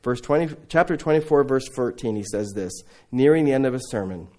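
A man preaching a sermon to a congregation, telling Bible stories in a lively way, acting out the dialogue and turning to his listeners with asides. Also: medium pitch, fairly quick. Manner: animated storytelling, acting out biblical dialogue. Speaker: preacher raising funds for a mission training center.

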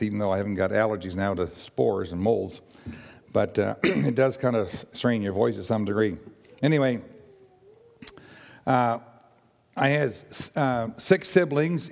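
An older man from Nova Scotia with a raspy voice, giving a rambling personal testimony to a church congregation with many fillers and restarts. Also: medium pitch, darkish tone, in a large hall.

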